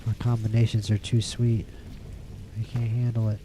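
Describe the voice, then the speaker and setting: Against a noisy background, a man with a fairly low voice speaks at normal speed in a completely flat delivery. He's a streamer doing rambling, playful let's-play commentary and tends to repeat words in bursts.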